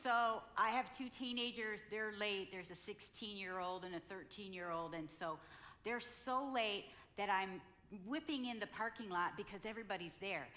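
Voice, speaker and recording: A woman's voice: medium pitch, moderate pace, sharp tone. A woman in her sixties speaking at a couples conference, playfully telling her side of a marriage story. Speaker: speaker, pastor's wife.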